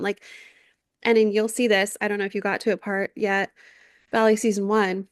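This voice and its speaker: Animated, swearing woman podcast co-host, dry sound. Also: a little high, a little fast, dry recording. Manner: animated storyteller, swears freely, acts out quotes. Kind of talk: casual chat recapping a reality show.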